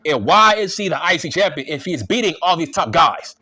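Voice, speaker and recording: A man ranting in a casual, exasperated and profane way as a wrestling show reviewer, repeating his points with a slightly husky voice. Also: a little high, big pitch swings, brisk, pushed and bright.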